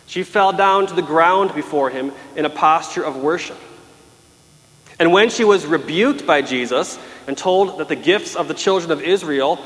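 A man's voice: a little high, normal speed, a bit bright. A man preaching a sermon, emphatic and dramatic, acting out pleas as he goes. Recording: long hall reverb.

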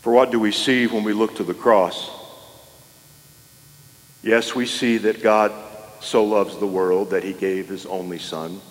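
A male pastor delivering a sermon in a church, with measured pauses and rising emphasis. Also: lowish voice, fairly even intonation. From New Mexico. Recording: long reverb of a hall.

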